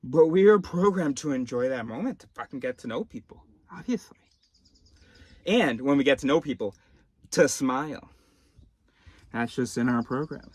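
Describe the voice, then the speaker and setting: A man's voice: medium pitch, lively intonation, moderate pace, long pauses, slightly rough, no echo. A man vlogging in a casual monologue, rambling off on tangents and cutting himself off mid-phrase. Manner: rambling, self-interrupting, tangential.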